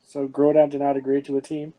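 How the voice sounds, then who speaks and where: A man's voice: mid-range voice, completely flat delivery, quick pace, warm tone. A man playing a tabletop game, mock-indignant and stumbling over his words. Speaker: player. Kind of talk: casual tabletop play. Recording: noisy mic with clicks.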